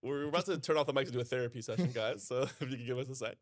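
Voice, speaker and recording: A man's voice: mid-range voice, very fast. A man from New York with an American accent, commentating live poker in a laid-back, easily amused way. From New York City.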